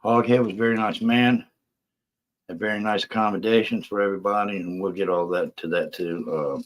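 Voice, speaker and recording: A low-voiced man hosts a casual live stream, talking in a rambling, profane, defensive way. He sounds out of breath. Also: fairly even intonation, a little fast. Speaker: livestream host.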